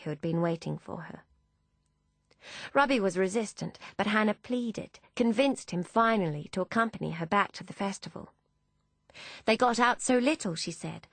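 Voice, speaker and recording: A woman narrating a novel as an audiobook, in a measured, descriptive storytelling manner. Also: on the low side, creaky, dry recording.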